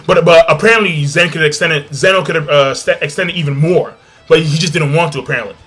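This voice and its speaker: A man doing a casual anime episode review, excitable and swearing freely, acting out lines from the scenes. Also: on the high side, fast, breathy edge, soft background music. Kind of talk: casual animated recap.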